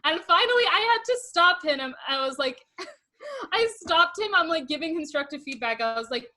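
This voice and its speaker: A woman's voice: expressive, moderate pace, pushed and bright. A young woman hosting a podcast, telling stories in casual chat with lots of giggling and acted-out quotes. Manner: giggly storyteller, acts out quotes in a low voice. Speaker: podcast host.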